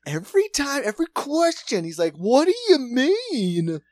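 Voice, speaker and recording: A man's voice: very high voice, huge pitch swings, normal speed, a little mellow, no echo, pitched above the performer's own voice, full character voice. A man voicing an aggressive, over-the-top scam caller in an exaggerated fake Cuban accent. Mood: pushy. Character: pushy male scam caller with a thick put-on Cuban accent.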